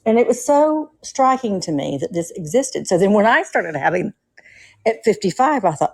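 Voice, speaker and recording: A woman's voice: mid-range voice, big pitch swings, normal speed, darkish tone, low-quality recording. A middle-aged woman with a Southern Atlanta accent, calling in and telling stories in an earnest, chatty way. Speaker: caller. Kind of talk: casual call-in chat.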